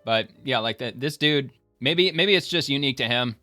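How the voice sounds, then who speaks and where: A man's voice: medium pitch, normal speed, bright, forceful tone, no echo, soft background music. A man giving casual, rambling reaction commentary, talking loosely with lots of fillers and restarts. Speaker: online commentator.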